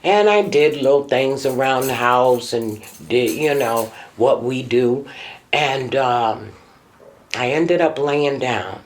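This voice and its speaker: Speaking slowly, a middle-aged woman looks back on the past as the mother in a documentary interview. Her emotion shows as her voice sometimes jumps sharply in pitch.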